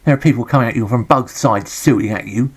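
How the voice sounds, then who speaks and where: Man, English accent, grumbling, sarcastic, joking, retro game commentary, middle pitch. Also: fast, husky.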